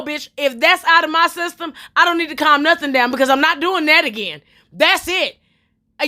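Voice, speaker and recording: A woman comedian telling a comedic storytime in a brash, profane, emphatic way, rising to shouts at the peaks. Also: high-pitched.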